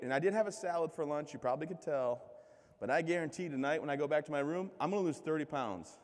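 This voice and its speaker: A man in his thirties from Michigan, giving a comic, self-mocking keynote speech with lively crowd banter. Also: a little high, a little fast. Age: 30s. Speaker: keynote speaker. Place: large conference hall. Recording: long hall reverb.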